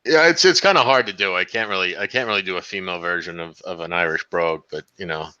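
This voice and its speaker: A man co-hosting a podcast, reminiscing in casual chat with halting restarts. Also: deep voice, bright, forceful tone, clean tone, no room sound, highs cut off. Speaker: podcast co-host.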